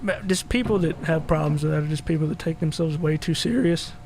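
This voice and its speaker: A man's voice: fairly high pitch, fast, darkish tone, slight background noise. A young man co-hosting a podcast, telling stories in a rambling, swearing, laughing way. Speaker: podcast co-host. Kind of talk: casual crude podcast chat.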